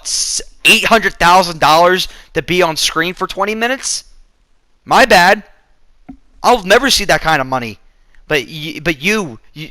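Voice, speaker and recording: A man rants through a movie review with sarcasm and plenty of swearing. His voice sits a bit high and sounds sharp and tense. The sound is close and dry, with no room around it. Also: dry recording. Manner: profane, sarcastic ranting. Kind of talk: casual movie review rant.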